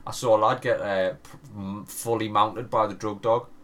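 With a lowish voice at a moderate pace, this man in his thirties trades stories on a podcast he co-hosts. The chat is casual and lively, full of cursing and frequent laughter.

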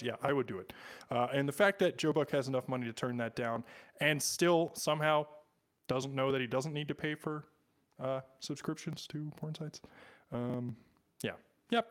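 A young man co-hosting a casual podcast, joking crudely and laughing often. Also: mid-range voice. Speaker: podcast co-host.

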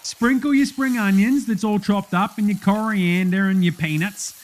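Man playing a rowdy high-voiced Aussie TV cook, broad accent, larrikin banter, comedy sketch. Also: normal speed, close to an everyday voice. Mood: boisterous. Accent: Australian. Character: boisterous Aussie bloke hosting a TV cooking show.

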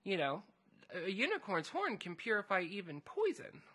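A man's voice: high-pitched, wildly swooping pitch, moderate pace, pushed and bright, breathy edge. A man co-hosting a casual podcast chat, retelling a fantasy story in a rambling way with many fillers. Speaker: podcast co-host recapping a story.

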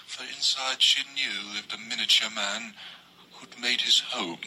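A man softly narrating a rhyming story in a played clip. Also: medium pitch, fairly even intonation, a little slow, slight background noise, rough recording. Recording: played clip with music behind.

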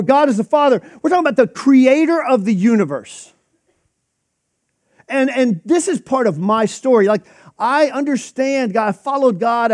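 A man's voice: sits high, a little mellow, no echo, studio quality. A man preaching a sermon in a conversational, emphatic way, acting out quoted reactions. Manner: conversational, emphatic, with frequent restarts and quoted asides.

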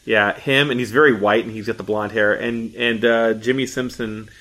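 A man co-hosting a podcast in casual chat, thinking out loud and restarting his sentences. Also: fairly low pitch, steady tone, normal speed. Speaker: podcast co-host.

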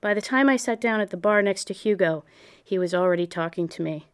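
A woman narrating a memoir audiobook in a measured, reflective way. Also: medium pitch, smooth.

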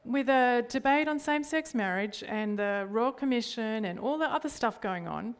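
A woman's voice: on the high side, lively intonation, moderate pace, smooth. A middle-aged woman with an Australian accent, a church leader giving a sermon in an earnest way, often turning to the listeners with rhetorical questions.

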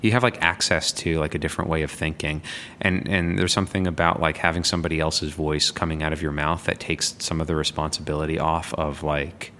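A man's voice: rumbling low, little pitch movement, fairly quick, a bit bright, in a large hall, slight background noise. A man, an improviser, chatting casually and reflectively about his craft. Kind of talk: casual chat.

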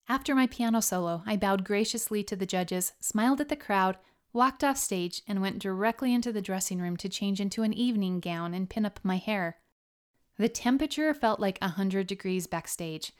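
A woman narrating her memoir as an audiobook, in a reflective, steady storytelling manner. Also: medium pitch, clear, resonant tone.

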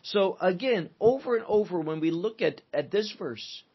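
A man teaching through a psalm verse by verse, deliberate and emphatic, building his points in lists. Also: high-pitched, expressive, slightly rough. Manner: slow, deliberate, emphatic with listed phrases. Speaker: Bible teacher. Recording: dull lo-fi recording.

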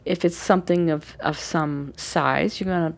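A woman with a low, gravelly voice, speaking as a coach. She explains things gently and thoughtfully, in an easy conversational way, with plenty of small fillers. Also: fairly even intonation, normal speed. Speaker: forgiveness coach and workshop leader.

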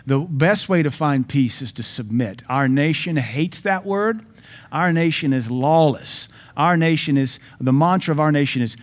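A man's voice: fairly high pitch, moderate pace. Emphatic male pastor preaching. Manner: emphatic preaching with sudden loud and soft swings. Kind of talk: sermon.

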